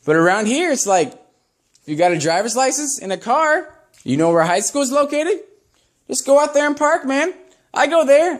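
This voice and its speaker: A young man doing a stand-up set, telling crude stories in a rambling, profane way. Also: high voice. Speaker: stand-up comedian.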